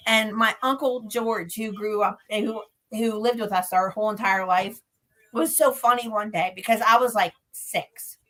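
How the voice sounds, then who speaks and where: A woman's voice: medium pitch, fairly even intonation, normal speed, bright, forceful tone. Chatty, laughing woman storyteller. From Pennsylvania. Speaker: guest, paranormal investigator. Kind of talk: casual interview chat.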